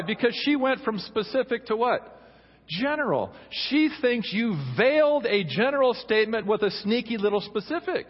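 A middle-aged male pastor preaches in a conversational, humorous way, acting out small quotes. His voice is very high-pitched with lively intonation at a normal pace, captured in a dull recording with long hall reverb.

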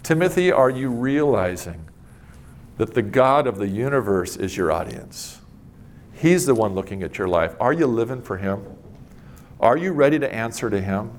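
A middle-aged man preaching a sermon, emphatic, slowing down and speeding up for effect. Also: on the low side, lively intonation, slight background noise. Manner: emphatic, varies pace and loudness for effect.

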